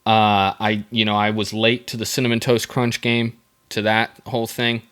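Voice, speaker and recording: A young podcast host speaks in a smooth, slightly bright voice on the low side, using a desk microphone for his casual solo monologue. He wanders from point to point, makes fun of himself, and keeps restarting and dropping in fillers.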